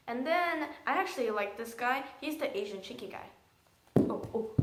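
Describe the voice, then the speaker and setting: A woman's voice: on the high side, fairly bright tone, reverberant, poor audio. A woman giving a casual, blunt and sarcastic spoken movie review.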